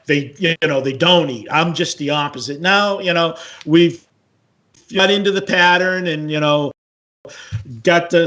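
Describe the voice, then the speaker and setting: A man's voice: on the high side, a bit bright. A man co-hosting a horse racing show, telling a rambling story in casual chat full of fillers. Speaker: co-host, horse racing handicapper.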